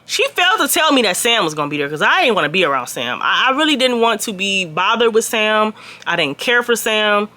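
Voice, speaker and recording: Woman telling a storytime to her viewers, bright voice, blunt and cussing, goes loud then quiet. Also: medium pitch, a little fast. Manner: blunt, profane, talks straight to viewers; animated, swings loud and soft. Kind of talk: casual storytime vlog.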